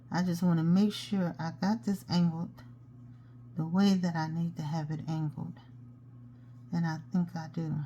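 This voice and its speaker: A woman's voice: lowish voice, warm tone, a little hiss or hum. A woman hosting a hands-on craft tutorial, chatting casually and talking to herself as she works. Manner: chatty, talks to herself while working. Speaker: jewelry-making tutorial host.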